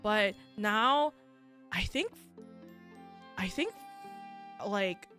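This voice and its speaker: This VTuber streamer, a young adult woman from the United States, speaks in a mid-range voice that is bright, expressive and forceful, though very slow. Faint music plays behind her as she chats casually, wandering through stories full of "like" and frequent laughter.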